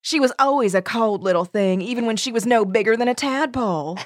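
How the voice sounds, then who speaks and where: A woman's voice: fairly high pitch, fairly quick, dry recording, studio quality, close to an everyday voice. A woman voicing Junebug, a snobbish middle-aged Southern woman with a Southern accent, haughty and sniffy. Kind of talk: dramatic reading aloud.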